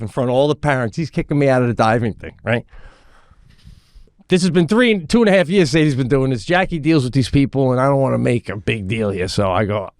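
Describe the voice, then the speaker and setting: A man's voice: mid-range voice, quick pace, no room sound, clean studio sound. A middle-aged man co-hosting a podcast, telling a funny story and acting out the people in it. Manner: animated storyteller who acts out the people in his stories. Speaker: podcast co-host. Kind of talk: comedic storytelling chat.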